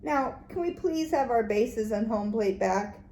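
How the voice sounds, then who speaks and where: A woman's voice: fairly high pitch, lively intonation, unhurried, mellow. A woman reading the lines of a bossy boy baseball player in a storybook, blunt and exasperated, without much change of voice. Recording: echoey room, faint background noise.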